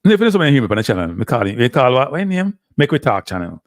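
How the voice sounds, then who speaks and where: A man's voice: mid-range voice, big pitch swings, very fast, dry recording, studio quality. A man with a Jamaican accent hosting a live stream, talking casually and switching between standard English and patois. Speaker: live show host.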